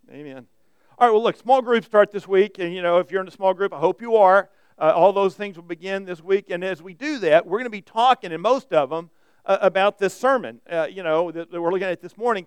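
A man preaching a sermon as pastor, speaking conversationally with restarts and slowing down to read scripture. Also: high voice, clean tone, no echo.

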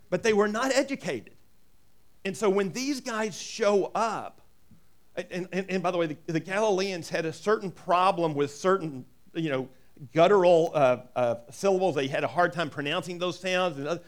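A man's voice: sits high, moderate pace. A man preaching a sermon in a folksy way, reading scripture and adding joking asides. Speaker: pastor.

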